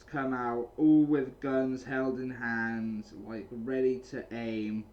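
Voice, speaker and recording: In a small, cold room at home with a heater running, a man casually recaps and reviews a comic chapter, rambling through many restarts and repeated phrases. His mid-range voice is flat, slow, and a little mellow, and the recording has its highs cut off.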